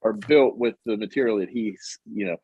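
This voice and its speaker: A man's voice: on the low side, moderate pace, darkish tone, breathy edge, no room sound. A man co-hosting a podcast, casually recapping a comic and acting out the characters' lines. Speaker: podcast co-host. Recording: dull, muffled audio.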